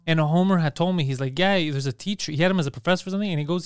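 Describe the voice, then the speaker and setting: A man's voice: a little high, rapid-fire, few pauses, smooth, no echo, clean studio sound. A young man co-hosting a casual podcast, telling stories animatedly and laughing often. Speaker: podcast co-host.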